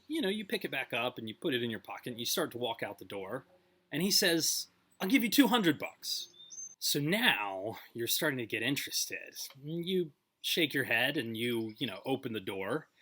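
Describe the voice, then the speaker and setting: A man's voice: mid-range voice, pushed and bright, husky. A man telling a story in a casual, conversational way, with many fillers and restarts.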